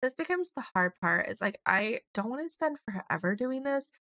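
A young woman, slightly hoarse, chatting and rambling through a let's play of a life-sim game. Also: on the high side, animated, normal speed, pushed and bright. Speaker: gaming YouTuber.

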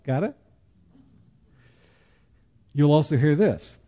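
A man teaching a church study class in a conversational way, with joking asides and slow, emphatic pauses. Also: on the high side, expressive, dark tone.

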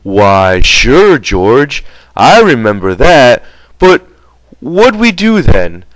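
A simple, childlike big man, as a male reader puts him on, talking slowly in a lifted, plaintive pitch. He speaks in a dry, close recording for an audiobook reading. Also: sing-song, a bit bright, no room sound, heavily acted, rough recording. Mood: eager. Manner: slow, hesitant, plaintive pleading.

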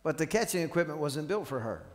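A pastor preaches to his congregation, his male voice sitting a bit high. He tells stories and acts out the dialogue, then calls on the room to answer him. His words ring out with a long reverb from a large church hall. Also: sing-song, fast. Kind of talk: sermon. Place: church sanctuary.

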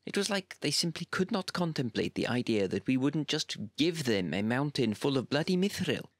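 A man's voice: medium pitch, very animated, moderate pace, no room sound, voice pushed up. A man voicing an exasperated, indignant male civil servant who rants about stubborn negotiators. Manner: ranting, emphatic complaints.

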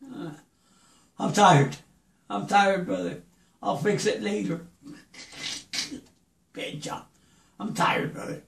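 Hoarse, chatty man teaching vocal recording. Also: high voice, slow, pauses often, a bit bright, echoey room. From New Mexico. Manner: chatty, calls listener brother. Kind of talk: casual home-studio tutorial.

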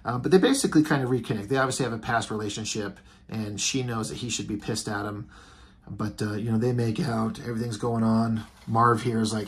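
A man's voice: on the low side, steady tone, a little fast. Guy flipping through a comic and talking it over, lots of ums, rambly. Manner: rambling, filler-heavy. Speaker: comic book reviewer. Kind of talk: casual comic book review.

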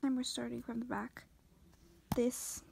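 A woman's voice: a little high, unhurried, creaky, a little mellow, slight background noise, low-quality recording. A young woman vlogger in casual commentary, exclaiming and dropping into whispered asides.

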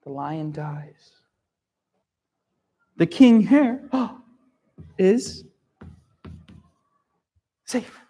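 A man teaching a story lesson to language learners, telling it in an animated way, gasping for effect and often checking that they understand. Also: fairly high pitch, very slow, pauses often, breathy edge. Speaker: English teacher.

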